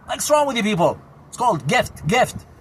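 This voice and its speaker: A man in his forties from Syria, with a Syrian Arabic accent, ranting loudly and indignantly to the camera outdoors, repeating his points. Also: high-pitched, big pitch swings, normal speed, over loud music. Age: 40s. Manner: loud, projecting, heated and indignant, repeats himself. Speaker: vlogger. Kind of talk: angry street rant to camera. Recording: noisy outdoor recording with traffic.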